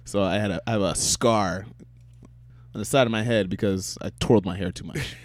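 A man chatting casually as a co-host, telling lively stories and swearing freely. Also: lowish voice, a little fast, no room sound. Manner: animated storyteller, swears freely. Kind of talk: casual chat.

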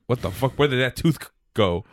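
A man's voice: medium pitch, lively intonation, a little fast, a little hiss or hum. A man co-hosting a casual podcast, telling a rambling story full of swearing and acted-out dialogue. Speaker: podcast co-host. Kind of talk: casual chat.

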